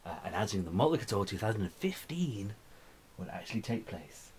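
A man's voice: on the low side, very animated, fairly quick, a little mellow, breathy edge. Rambling, cursing man ranting on a vlog. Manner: profane, rambling, slurring and mumbling. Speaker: vlogger. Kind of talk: drunken rambling vlog rant.

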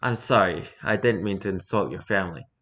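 A man voicing a calm male doctor who questions his subject in a quiet, measured way. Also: sits low, highs cut off, voice pushed down. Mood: soothing. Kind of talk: reading an interview aloud in character.

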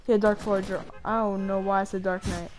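A woman's voice: medium pitch, little pitch movement, a little fast, darkish tone, soft background music. A young woman chatting casually with friends while playing a game, often trailing off with fillers. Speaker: gamer streamer. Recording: faint noise and clicks.

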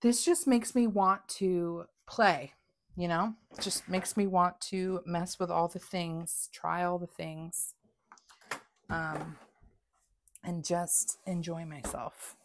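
A woman chats through a crafting unboxing at home. Her voice sits a little low and her pace is unhurried. She gushes with excitement and sometimes drops to a breathy whisper. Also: slight background noise. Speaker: crafting vlogger. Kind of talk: casual unboxing chat.

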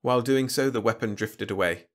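A man reads a science-fiction story aloud as an audiobook narrator. His delivery is measured and even, at a middling pitch. It is a steady bedtime storytelling voice.

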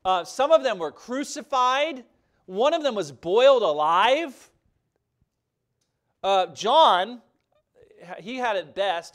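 A man preaching a sermon as pastor, earnest and emphatic, swelling louder and dropping soft. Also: high-pitched. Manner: earnest, emphatic preaching with rising and falling intensity.

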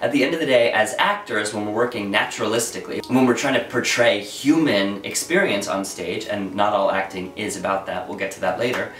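A man's voice: on the low side, fairly bright tone, recorded from a distance. A young man, explaining acting technique in an earnest, talky way as the host of a video lesson. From New York. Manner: earnest, explanatory, quick asides. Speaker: acting teacher. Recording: echoey room, voice set back from the mic, faint noise.

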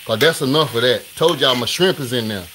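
A man hosting a live cooking stream in his home kitchen, talking straight to viewers in a hurried, repetitive way. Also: medium pitch. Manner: hurried, talks straight to viewers, repeats himself. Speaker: cooking show host. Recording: sizzling pan noise behind.

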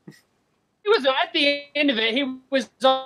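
A man's voice: very high voice, a little slow, bright, forceful tone, soft background music. A man co-hosting a podcast, bluntly and stubbornly contradicting a friend. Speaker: podcast co-host. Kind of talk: casual argument.

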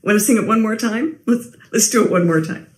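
A woman librarian talking gently and simply to young children at a storytime. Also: mid-range voice, a little fast, reverberant.

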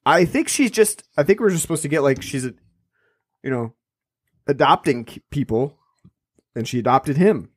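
A man's voice: on the high side, animated, normal speed, long pauses, husky, no room sound. Rambling man on a dry mic. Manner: rambling, frequent restarts and fillers. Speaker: podcast co-host. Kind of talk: casual film review chat.

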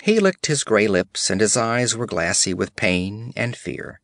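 A man narrating an adventure audiobook in a measured, vivid storytelling manner on a close studio mic. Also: lowish voice, sing-song, a bit bright, no echo.

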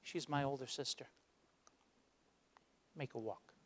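A man giving a motivational speech, telling a story and acting out its voices, dropping low for the dramatic moments. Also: a little slow, a little hiss or hum. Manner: acts out the voices in his stories, drops low for dramatic moments. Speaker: guest speaker. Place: university lecture hall.

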